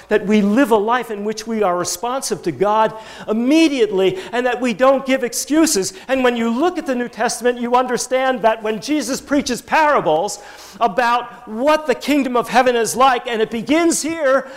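A man preaching a sermon, telling Bible stories with animated emphasis that rises toward his points. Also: sits high, unhurried. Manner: animated storytelling, rising with emphasis. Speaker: pastor.

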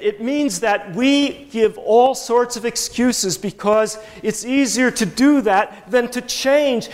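A man preaching a sermon, telling Bible stories with animated emphasis that rises toward his points. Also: extremely high pitch. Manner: animated storytelling, rising with emphasis. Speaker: pastor.

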